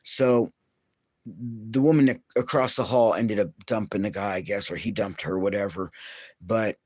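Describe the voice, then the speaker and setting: A man's voice: lowish voice, normal speed, a little mellow, dry recording. A man in his late fifties hosting a live stream, talking in a blunt, rambling way and laughing between his stories. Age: late 50s.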